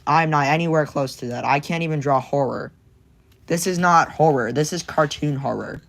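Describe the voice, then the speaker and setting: A man's voice: on the high side, moderate pace, vocal fry, a bit bright. A young man chatting casually with his viewers while drawing, rambling and joking around. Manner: rambling and goofy, jumps between silly voices and whispers. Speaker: streamer.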